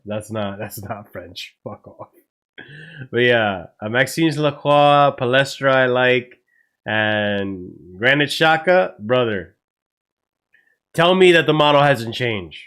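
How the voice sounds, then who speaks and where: A man hosting a live football watchalong stream, excitable and swearing a lot, with loud outbursts at big moments. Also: medium pitch, slow pace, smooth. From United States. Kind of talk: live match reaction stream.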